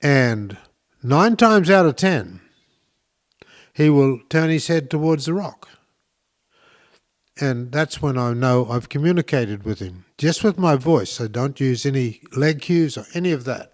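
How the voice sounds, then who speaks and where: A man's voice: mid-range voice, lively intonation, unhurried. A man hosting a talk show, explaining things in an enthusiastic, rambling way with many fillers and restarts. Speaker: podcast host. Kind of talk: casual instructional talk.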